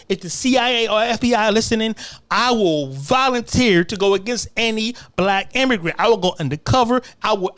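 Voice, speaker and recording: An American man hosting a podcast, delivering a heated, profane solo rant in hammering repeated phrases that climb louder as he gets worked up. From United States. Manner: grows louder and higher when worked up. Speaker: podcast host.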